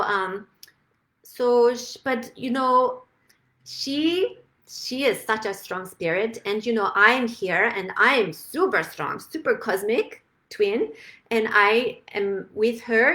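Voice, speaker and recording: A woman speaking as her gentle female cosmic twin spirit, telling a story in soft, broken, simple English with a sympathetic, chatty manner. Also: a little high. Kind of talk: channeled spirit talk.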